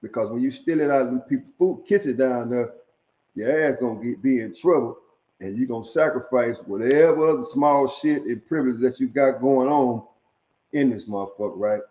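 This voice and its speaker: Middle-aged storyteller, streetwise and profane, mellow dark voice, leans on "man" and "right?" between lines. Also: mid-range voice, moderate pace, rough recording. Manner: chuckles at his own stories. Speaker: storyteller sharing prison stories. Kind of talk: casual storytelling monologue.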